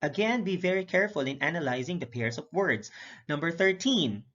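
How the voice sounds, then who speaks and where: Man teaching, slow repeated word drills. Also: a little high, lively intonation, a bit bright. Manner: measured, repeats each word pair slowly for drill; frequent "okay" and "uh" fillers. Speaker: English teacher. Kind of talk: recorded lesson recap. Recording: dull lo-fi recording.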